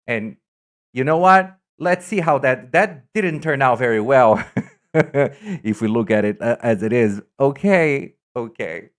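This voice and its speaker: A native Portuguese speaker from Brazil with a São Paulo accent chats casually and rambles while reading viewer comments on a stream. His medium-pitched voice is animated and his pace slow.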